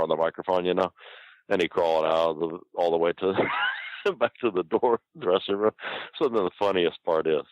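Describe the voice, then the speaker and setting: A man's voice: low-pitched, normal speed, no room sound, muffled recording. An older man telling profane, rambling stories in a casual interview, often laughing mid-sentence. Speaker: guest storyteller.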